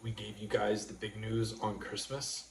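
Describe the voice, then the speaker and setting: A man from New York hosting a casual livestream chat, rambling and halting as he talks. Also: on the low side, completely flat delivery. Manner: rambling, halting, full of restarts. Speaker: livestream host. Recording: roomy room with faint noise.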